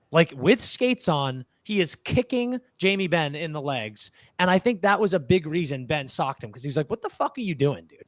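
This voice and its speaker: A man co-hosting a live sports podcast, talking in an animated, argumentative way and swearing freely. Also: high voice, dry recording, studio quality. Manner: animated, swears freely, argues his point. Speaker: podcast co-host. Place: podcast studio.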